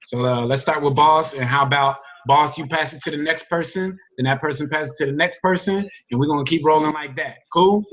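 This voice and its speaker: A man runs a group call with upbeat shout-outs and keeps things moving. His voice sits a little high and comes through dull, lo-fi call audio. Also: a little fast, few pauses. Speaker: call host.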